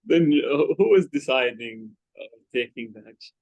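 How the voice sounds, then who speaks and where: A man's voice: mid-range voice, animated, vocal fry, no echo, highs cut off. Hesitant man asking questions. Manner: hesitant, halting, laughs shyly.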